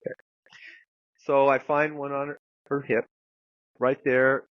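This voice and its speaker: A man's voice: mid-range voice, level tone, a little slow, no room sound, dull audio. A man guest telling a long story in casual, rambling talk, full of fillers and the odd swear word. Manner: rambling anecdote with many fillers and some swearing. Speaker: guest therapist.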